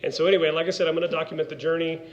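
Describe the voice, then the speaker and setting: A man's voice: a little high, little pitch movement, very fast, highs cut off, slight background noise. Earnest middle-aged man, rambling vlog talk. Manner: earnest, rambling, many fillers and restarts. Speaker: vlogger, former wrestler and gym owner. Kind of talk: candid personal vlog.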